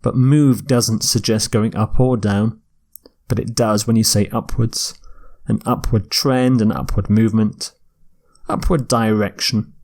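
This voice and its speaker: Slow, deliberate male English teacher. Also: fairly low pitch, fairly even intonation, darkish tone. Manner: slow, deliberate, with self-corrections. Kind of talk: vocabulary lecture.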